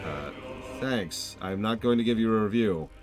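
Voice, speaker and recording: A man giving casual, animated live-stream commentary while reviewing a game, laughing and joking at his own mishaps. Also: fairly low pitch, moderate pace, soft background music. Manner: animated, laughing, self-mocking.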